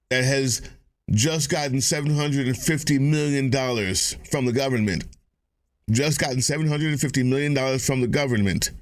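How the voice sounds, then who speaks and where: A man giving a political commentary monologue, measured and scornful with deliberate emphasis. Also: mid-range voice, no room sound.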